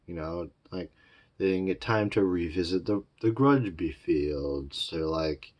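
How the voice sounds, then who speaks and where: A man's voice: low-pitched, a little slow. A man giving a casual, rambling spoken review of a cartoon series, looping back on his points with loose fillers. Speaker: show reviewer.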